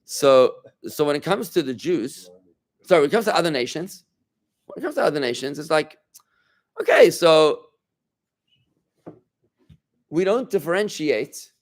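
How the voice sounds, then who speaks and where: A man's voice: on the high side, very animated, unhurried, pauses often. Rabbi guy teaching a small class, chatty, keeps asking the room stuff, restarts his sentences a lot. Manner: conversational, asks the room questions, many restarts. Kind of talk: informal Torah class.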